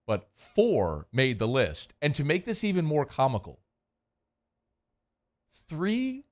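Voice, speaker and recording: Animated male sports radio host. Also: mid-range voice. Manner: animated, teasing, storytelling. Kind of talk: casual sports talk. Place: radio studio. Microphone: studio microphone.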